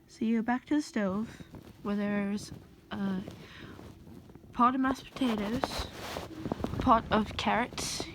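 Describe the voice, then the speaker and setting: A woman's voice: a little high, fairly even intonation, slow pace, long pauses, fairly bright tone, slight background noise. A woman casually reading a second-person fan story aloud, rambling and correcting herself as she goes. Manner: loose, rambling delivery with self-corrections. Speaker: amateur storyteller.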